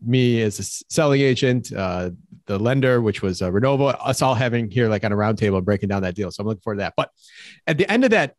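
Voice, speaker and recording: Fast-talking enthusiastic broker man. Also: lowish voice, dry recording, studio quality. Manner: fast, enthusiastic, rambling with restarts. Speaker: podcast co-host, real estate broker. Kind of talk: casual podcast chat.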